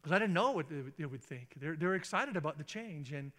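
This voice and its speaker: Middle-aged male pastor, storytelling sermon, slightly high voice, long hall reverb. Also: a little fast. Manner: animated, acts out quotes with big pitch jumps. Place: church sanctuary.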